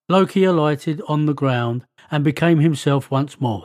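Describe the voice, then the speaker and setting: A man narrating a myth as a storybook reading, steady and clear. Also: a little high, measured pace, few pauses, no echo, clean studio sound.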